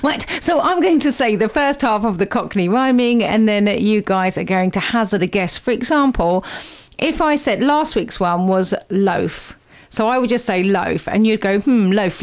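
A woman hosting a chatty, playful slang lesson for a group, laughing often as she teases and encourages them. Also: medium pitch. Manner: laughs a lot, teasing and upbeat. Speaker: host teaching slang to a group.

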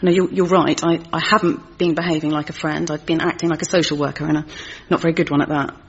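A woman's voice: sits low, little pitch movement, fast talker. An actress playing an earnest, talkative middle-aged woman who minds a sulky teenage boy and speaks in a carefully formal way. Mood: apologetic. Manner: prim, carefully formal phrasing. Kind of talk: sitcom acting. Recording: slightly muffled TV audio with faint crowd and noise.

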